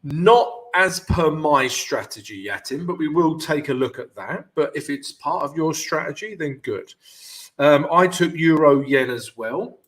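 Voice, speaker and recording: A man's voice: on the high side, expressive, unhurried, fairly bright tone. A man hosting a casual trading livestream, upbeat and chatty, speaking a bit thickly after dental work. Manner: upbeat, chatty, addresses viewers as guys. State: numbed from dental work, speech slightly off. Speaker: forex trading livestream host. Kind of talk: casual live-stream chat.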